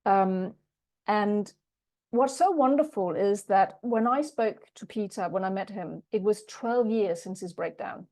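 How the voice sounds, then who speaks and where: A woman's voice: medium pitch, measured pace, darkish tone. A woman project management coach giving a webinar talk, telling stories about clients she has coached. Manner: storytelling with quoted coaching dialogue.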